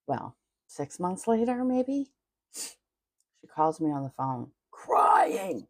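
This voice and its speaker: A woman's voice: low voice, very animated, very slow, pauses often, dry recording, studio quality. A middle-aged woman coaching on money in a casual livestream, blunt and chatty with casual swearing.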